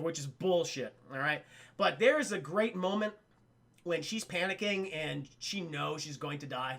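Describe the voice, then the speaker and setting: A man's voice: high voice, sing-song, moderate pace, vocal fry, fairly bright tone. A man giving a casual, profane film review to a live chat, laughing often.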